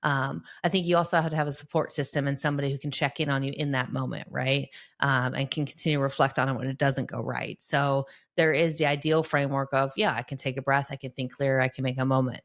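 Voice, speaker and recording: A woman in her thirties, a sport psychologist guest in a casual interview, talking in an animated way and acting out how she speaks to her kids. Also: very deep voice, fast talker, hardly any pauses. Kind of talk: conversational podcast interview.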